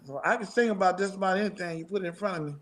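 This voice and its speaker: A man's voice: high-pitched, rapid-fire, a bit bright. A middle-aged man, a musician guest in a casual interview, talking in a rambling, profane way and laughing often.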